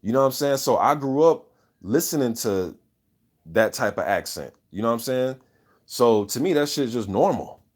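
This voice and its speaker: A man's voice: medium pitch, animated, moderate pace. A man hosting a casual boxing talk show, reading viewer comments and giving loose, opinionated takes full of swearing and "you know what I'm saying". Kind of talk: casual unscripted chat.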